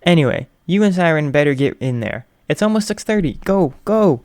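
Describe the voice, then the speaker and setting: Dude voicing a bossy grinning schemer girl, high and loud, super gleeful. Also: lively intonation, brisk, no echo, clean studio sound. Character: mischievous scheming young woman, grinning.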